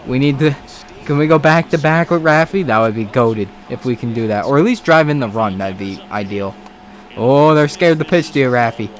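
A man giving casual let's-play commentary on a baseball video game, excitable, swearing and talking back to the game. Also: medium pitch, moderate pace, slight background noise. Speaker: gaming commentator.

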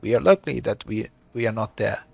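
A man's voice: lowish voice, fairly quick, vocal fry, a little mellow, no echo, dull audio. A man voicing a compassionate young adventurer woman who pleads earnestly with her brother. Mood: pleading.

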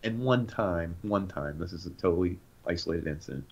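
A young man co-hosting a podcast, telling animated stories in casual chat and acting out the voices of people in them. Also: low voice, fairly quick. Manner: animated, acts out voices in anecdotes. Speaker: podcast co-host. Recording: dull lo-fi sound.

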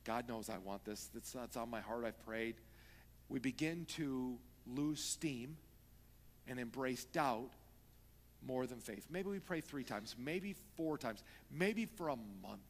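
A man preaching a sermon as pastor, moving from hushed talk to loud pleading. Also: medium pitch, takes it slowly. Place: church sanctuary. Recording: long reverb of a church hall.

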